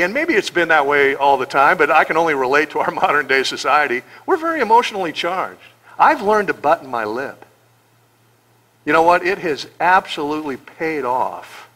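Man, middle-aged, pastor, sermon, high voice, animated and joking, acts out quotes.

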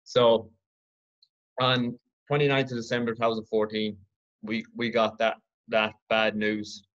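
A man from Ireland hosting his own podcast, telling a personal story in an earnest, reflective, halting way. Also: on the low side, little pitch movement, fairly bright tone, muffled recording. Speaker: podcast host.

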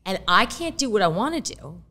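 A woman in her fifties chatting as a podcast guest, telling stories candidly and swearing without a second thought. Her talk is loose and animated, full of acted-out quotes. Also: mid-range voice, brisk, slight background noise. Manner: candid, storytelling, swears freely. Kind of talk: casual chat.

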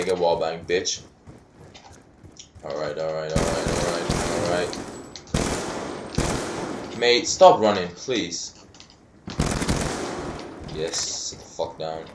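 A young man doing live video game commentary, trash-talking, swearing and breaking into yells. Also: sits low, fairly even intonation, slow pace, long pauses, noisy background. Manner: foul-mouthed trash talk, bursts of yelling. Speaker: gaming commentator. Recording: roomy sound with game gunfire. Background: video game gunfire.

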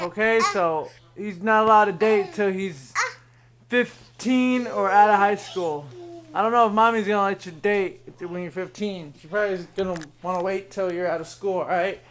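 High-voiced dad teasing his toddler. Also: a bit bright. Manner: teasing, joking, coaxing. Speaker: father filming his baby son. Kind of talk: playful home video talk to a toddler. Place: bedroom at home.

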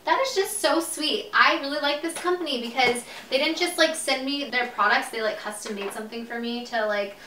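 A young woman gushes and giggles her way through a casual unboxing vlog. Her voice is bright and sits a little high. She is recorded off-mic in an echoey room with a faint hiss behind her. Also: fairly quick, hardly any pauses, recorded from a distance. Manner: gushing, giggly, chatty. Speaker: vlogger.

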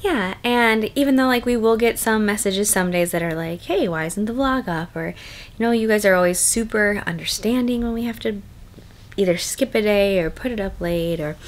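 A pregnant young woman vlogging in casual chat, chatty and full of fillers, often quiet and hushed. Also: mid-range voice, moderate pace. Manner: chatty, many likes and ums, hushed late at night.

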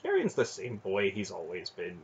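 A man's voice: low voice, wildly swooping pitch, lo-fi sound, slight background noise, heavily acted. A man voicing a commanding sorceress aunt who speaks coolly and wryly, in a storybook reading. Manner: cool, wry, measured delivery.

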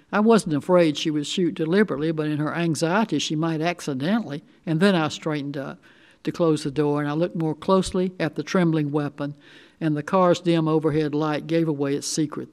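An older woman reading a short story aloud in the first person, with steady, measured storytelling. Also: deep voice. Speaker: resident reader.

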